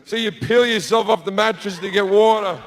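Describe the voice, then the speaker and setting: A man doing crude, deadpan stand-up storytelling on stage with a handheld mic. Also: high-pitched, normal speed, slight background noise. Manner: crude, deadpan storytelling with sudden loud bursts. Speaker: stand-up comedian. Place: stage before a live audience.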